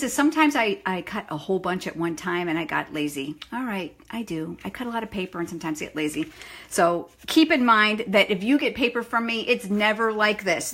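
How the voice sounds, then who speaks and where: A woman's voice: mid-range voice, fairly bright tone. Chatty woman hosting a live stamping demo. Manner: chatty, greets viewers by name, self-deprecating. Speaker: stamping demonstrator. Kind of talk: live craft demonstration. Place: home craft room. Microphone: phone camera.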